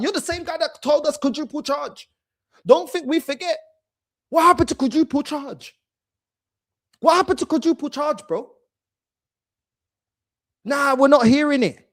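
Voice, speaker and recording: A man's voice: extremely high pitch, fairly quick. A man hosting a fan channel and mocking a video in heated, slangy reaction commentary. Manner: mocking, loud and animated, slangy, repeats "bro".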